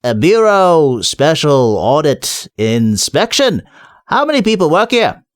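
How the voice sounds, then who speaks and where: A man's voice: a little high, sing-song, normal speed, no echo, studio quality, voice pushed up. A man voicing a brash, scrawny male city watch corporal who swaggers and snaps orders. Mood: bossy. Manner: swaggering, snappy.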